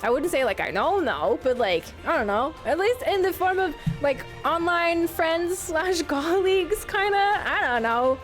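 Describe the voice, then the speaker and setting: Young woman streamer chatting w chat, super high voice, giggles a lot, bit of music in the back. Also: animated, measured pace, hardly any pauses. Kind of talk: casual livestream chat with viewers.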